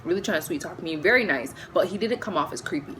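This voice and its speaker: Young woman, low voice, casual storytime vlogger, faint hiss behind. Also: fast, low-quality recording. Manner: chatty, animated retelling with quoted voices.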